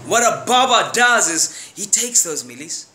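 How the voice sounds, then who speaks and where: A young man from South Africa with a South African accent, telling a profane, animated story in a casual vlog at home. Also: sits high, measured pace, slight background noise. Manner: animated, profane, slangy, acts out characters with sound effects. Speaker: vlogger. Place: room at home.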